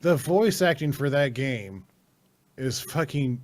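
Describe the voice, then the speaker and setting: A man's voice: medium pitch, expressive, takes it slowly, darkish tone. A young man chatting casually on a podcast, rambling with many fillers, swearing and laughing often. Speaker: podcast co-host.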